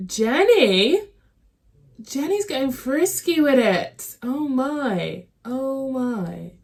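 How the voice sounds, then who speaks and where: A woman's voice: sits high, animated, takes it slowly, vocal fry, a little mellow, a little hiss or hum. A young woman hosting a movie reaction, chatting with emotion and a lot of filler words. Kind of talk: casual reaction commentary.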